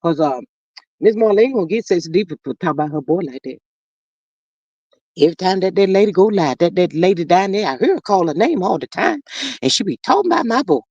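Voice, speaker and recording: A lively streamer chatting casually and reading viewer comments aloud, with a sassy, teasing delivery. The pitch swings all over in an animated way. The sound is dull, lo-fi and very dry. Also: fairly quick, husky, dry recording. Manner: animated, sassy, drawling endearments. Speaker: live stream host.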